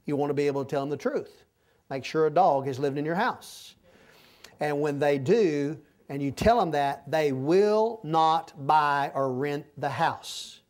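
A man preaches through a passage in a loose, conversational way, explaining as he goes. His voice sits high for a man. He keeps pausing to make sure his listeners are keeping up. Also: darkish tone. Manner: folksy, repeatedly checks in with the listeners. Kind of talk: conversational verse-by-verse sermon.

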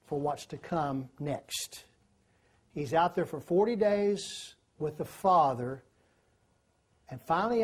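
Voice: medium pitch, darkish tone, breathy edge. A preacher, giving a sermon, telling stories and asking the listeners questions. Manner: storytelling, asks the listeners questions.

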